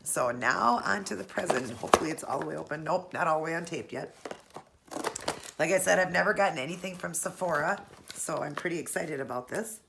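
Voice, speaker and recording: A woman in her forties, a vlogger chatting casually while unboxing a gift, gushing and sentimental with breathy laughs. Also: low-pitched, a little fast, heavy background noise. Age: 40s.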